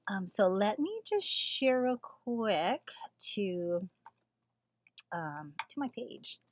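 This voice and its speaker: Hushed middle-aged woman, late-night chat. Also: mid-range voice, no echo. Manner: hushed, often whispering; chatty, with many fillers. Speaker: crafter hosting a live stream. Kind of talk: casual live-stream chat. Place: home garage craft space at night.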